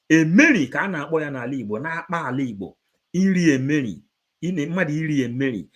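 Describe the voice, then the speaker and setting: A man's voice: on the high side, animated, fast talker. A man preaching to supporters, emphatic and repetitive, moving between English and Igbo. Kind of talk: impassioned preaching.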